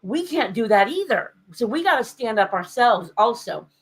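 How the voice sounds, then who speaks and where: A woman's voice: on the high side, sing-song, moderate pace, husky, poor audio. A woman on a podcast telling a candid family story in a casual, conversational way, with frequent fillers. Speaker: podcast co-host.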